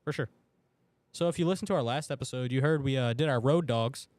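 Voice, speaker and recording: Man, podcast co-host, excitable and chatty, dry close studio mic. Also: mid-range voice, quick pace, dry recording. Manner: excitable, chatty, loud outbursts for his team. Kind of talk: casual sports betting chat. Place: radio studio.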